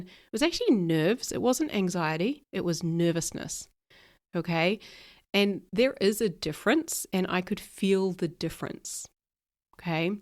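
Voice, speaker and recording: Chatty low-voiced woman coaching listeners. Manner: chatty, direct, laughs at herself. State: recovering from illness, little voice. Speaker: podcast host, ADHD coach. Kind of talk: casual solo podcast talk.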